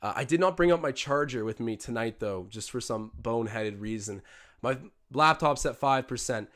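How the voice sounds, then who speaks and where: A young man hosting a live watch-along stream, commentating on a basketball game and getting excitable on big plays. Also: normal speed. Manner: excitable, jumps up in pitch and volume on big plays. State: out of breath. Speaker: livestream host doing game commentary.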